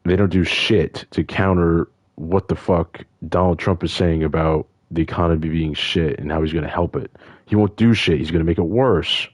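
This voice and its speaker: A man's voice: deep voice, fairly even intonation, moderate pace, no echo, clean studio sound. An upset man from the United States ranting in frustration and swearing constantly. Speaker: vlogger. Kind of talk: angry casual rant.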